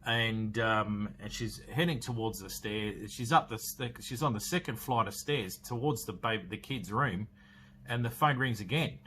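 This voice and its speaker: A man's voice: on the low side, normal speed, pushed and bright, slight background noise. A man, hosting a podcast and casually recapping a horror film in a rambling way, full of fillers and restarts. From Australia. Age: 40s. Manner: rambling, filler-heavy storytelling with many restarts. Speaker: podcast host.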